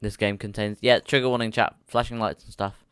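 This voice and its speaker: A man streaming live, reacting casually to clips and chat with frequent laughter and quick exclamations. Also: on the low side, steady tone, a bit bright, clear, resonant tone, dry recording, studio quality.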